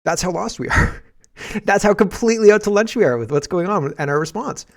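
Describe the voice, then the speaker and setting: Canadian guy doing a political podcast, rambly, gets loud and worked up at times. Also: high voice, a little fast, vocal fry. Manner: rambling, animated, shouts when acting out scenes. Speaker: podcast host. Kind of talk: casual political commentary.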